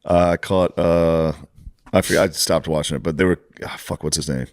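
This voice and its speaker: A man's voice: low-pitched, steady tone, brisk, a little mellow, no echo, studio quality. A man from the United States co-hosting a podcast, joking crudely, teasing his friends and laughing a lot. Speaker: podcast co-host. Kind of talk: casual comedic banter.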